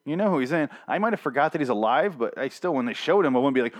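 A man's voice: mid-range voice, animated, fast talker, hardly any pauses. A young man reviewing a TV episode in a casual, profane, sarcastic rant, full of exasperated complaints.

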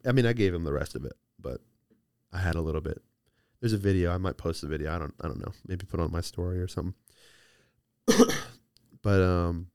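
Man, low voice, dry close sound, casual rambling podcast host, playful. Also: a little mellow, smooth, dry recording. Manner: rambling, playful, restarts mid-sentence. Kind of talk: casual solo chat.

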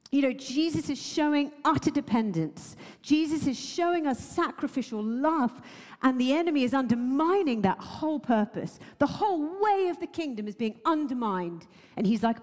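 High, lively woman preaching a sermon. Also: normal speed, long reverb tail. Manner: emotional, earnest, laughs often, many fillers.

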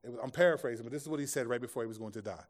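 Talking very fast in a mid-range voice, a pastor gives a sermon to a live congregation in a church room. His style is conversational, weaving scripture together with jokes and asides.

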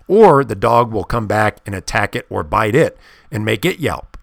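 A man's voice: lowish voice, lively intonation, normal speed, vocal fry, dry recording, studio quality. Emphatic man giving dog-training advice. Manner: emphatic, insistent. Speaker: podcast host. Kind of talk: casual monologue.

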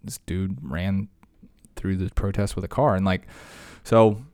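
A man from Virginia who teaches high school English, talking casually and rambling with lots of filler words and sudden animated bursts. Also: measured pace, no echo, clean studio sound. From Virginia, USA. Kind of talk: casual conversation.

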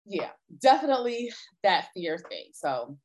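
Woman on a faith podcast, middle pitch, earnest, keeps echoing what her cohost says. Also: sing-song, a little slow, a little mellow. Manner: earnest, affirming, echoes phrases. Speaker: podcast co-host. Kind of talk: casual faith talk.

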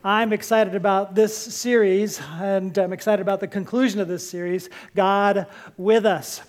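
A pastor delivering a sermon from a church stage, talking in a lively way and returning to the same short phrases again and again. Joking asides lighten the teaching, and the voice sits at an ordinary middle pitch. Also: moderate pace.

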